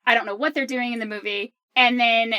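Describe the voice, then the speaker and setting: A woman co-hosting a podcast, chatting casually and opinionated with quick asides. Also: on the high side, fairly even intonation, sharp tone, dry recording. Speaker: podcast co-host.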